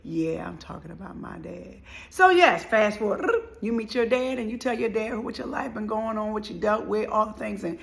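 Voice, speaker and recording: A middle-aged woman from tells her own life story as a motivational speaker, and her voice has a gravelly, creaky edge. She talks with a lot of feeling and acts out the people she quotes along the way. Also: fairly high pitch, normal speed. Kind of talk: personal storytelling monologue.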